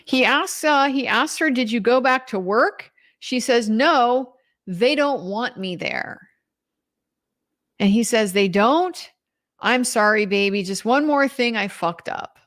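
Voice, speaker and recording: A woman's voice: on the high side, slow pace, a bit bright. A young woman commenting on a trial in a casual recap, incredulous and emphatic, reading out quotes as she goes. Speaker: legal commentator.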